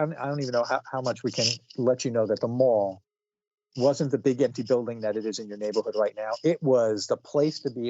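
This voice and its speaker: This middle-aged podcast co-host reviews comics in a loose, rambling chat, often restarting, correcting himself, and chuckling on the side. He speaks at a medium pitch with a slightly mellow quality, and the dull lo-fi audio has no echo at all.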